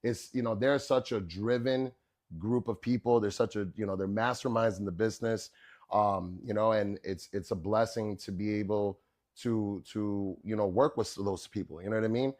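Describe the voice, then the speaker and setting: A man, a chef guest on a podcast, telling stories in a casual, animated way, with many fillers like "you know what I'm saying". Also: fairly low pitch, moderate pace. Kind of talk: casual storytelling.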